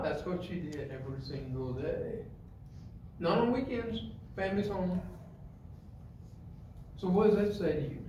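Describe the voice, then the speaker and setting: A male preacher giving a sermon, dropping to quiet asides and rising to loud, emphatic points as he directs the congregation. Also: fairly high pitch, expressive, unhurried. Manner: acts out stories and gives the congregation physical directions. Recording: echoey hall, mic far off, faint room noise.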